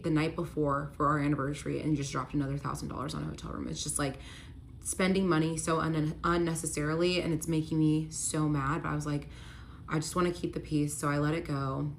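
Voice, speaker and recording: A woman's voice: deep voice, a little hiss or hum. A young woman casually telling a personal story, chatty and full of "like" fillers. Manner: chatty, many "like" fillers, upset retelling.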